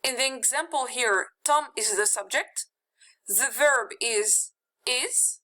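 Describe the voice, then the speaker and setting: High, bright-voiced woman teaching slowly. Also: low-quality recording. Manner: patient, repeats example words slowly; walks through rules step by step. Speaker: English teacher. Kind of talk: grammar lesson.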